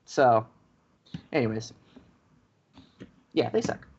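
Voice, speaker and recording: A man's voice: medium pitch, slow, gravelly, heavy background noise. A man co-hosting a podcast, ranting in a casual chat and acting out both sides of the story. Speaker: podcast co-host. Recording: dull lo-fi podcast audio.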